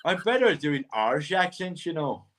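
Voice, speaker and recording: A man's voice: on the high side, sing-song, fairly quick. Teasing man, a guest medium on a call. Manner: chatty, teasing, stammers at starts. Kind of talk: casual live-stream chat.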